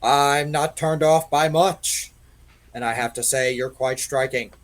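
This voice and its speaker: A man's voice: mid-range voice, steady tone, measured pace. A man playing a tabletop game, bantering playfully and flirting in character. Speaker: player. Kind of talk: casual tabletop play.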